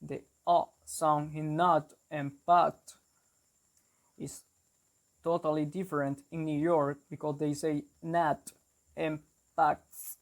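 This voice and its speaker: A young man hosting an English-learning channel, explaining a lesson carefully and deliberately, with small restarts. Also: fairly high pitch, level tone. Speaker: English teacher, channel host.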